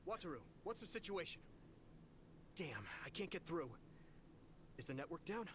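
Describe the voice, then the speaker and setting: An actor plays a worried young soldier in a video game, calling out urgently for his allies in a somewhat high, lively voice. Steady noise sits under the game audio. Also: normal speed, lightly acted.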